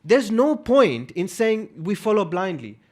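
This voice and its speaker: A man delivering a religious lecture, posing one rhetorical question after another. His voice sits high and swings widely in pitch. He presses his points with emphasis. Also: big pitch swings, a little slow, a little mellow.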